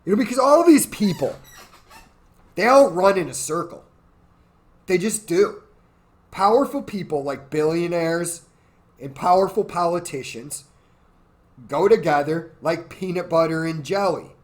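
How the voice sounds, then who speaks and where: A man's voice: fairly high pitch, animated, unhurried, long pauses. A tipsy man ranting in a crude, rambling, profane way as host of his own show. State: drunk. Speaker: podcast host. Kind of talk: drunken political rant.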